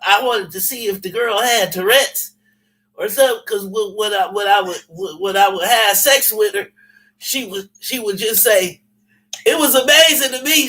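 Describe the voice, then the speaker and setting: A man with a high, bright voice, telling stories in casual chat. He is animated and profane and keeps repeating himself for effect. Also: low-quality recording. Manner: animated, repetitive, profane, quick to laugh. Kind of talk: casual storytelling.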